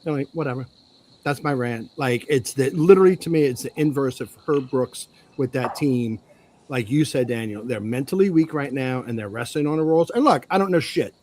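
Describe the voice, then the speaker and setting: A man co-hosting a sports podcast, delivering a heated, profane rant that swings from loud outbursts to low mutters. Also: fairly quick, slight background noise.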